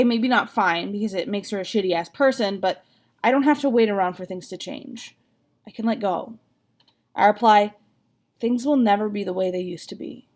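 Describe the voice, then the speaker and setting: A woman reading a novel aloud, with an expressive, even delivery. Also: on the high side. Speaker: reader.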